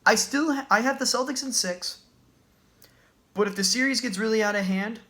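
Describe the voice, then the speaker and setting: A man's voice: high voice, moderate pace, bright, forceful tone. Agitated, swearing man ranting. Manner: profane, agitated, repetitive. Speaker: basketball fan. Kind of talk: sports rant vlog.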